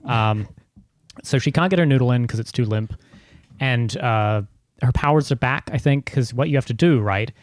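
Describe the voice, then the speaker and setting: A man's voice: medium pitch, normal speed, no room sound. Sardonic man in dry close-up. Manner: sardonic, rambling, swears freely. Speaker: podcast co-host. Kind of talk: casual podcast chat.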